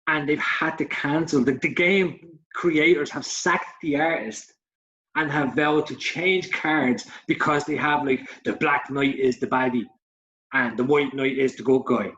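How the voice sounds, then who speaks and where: This forties-aged podcast co-host has a slightly high, fairly bright voice with fairly even intonation and a slightly slow pace. In casual chat he turns heated and sweary, ridiculing others through put-on voices, over dull lo-fi audio.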